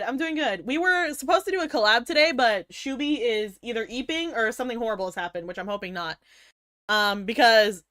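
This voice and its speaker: Young woman streamer, lively, sweary, playfully indignant, a touch high-voiced. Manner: animated, swears a lot, mock-outraged, laughs often. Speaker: livestreamer chatting with viewers. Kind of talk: casual stream chat.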